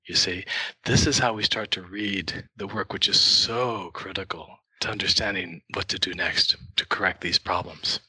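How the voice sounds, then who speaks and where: A man's voice: deep voice, fairly even intonation, moderate pace, bright, forceful tone, husky, dry recording, poor audio. A man who teaches art, a guest in an interview, patiently explaining ideas through worked examples.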